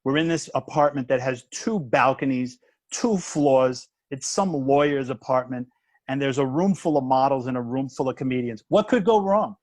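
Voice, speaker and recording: Man telling a lively story. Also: medium pitch, dry recording. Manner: animated storyteller, quick restarts, acts out quoted dialogue. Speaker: guest, comedian turned minister. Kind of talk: casual storytelling chat.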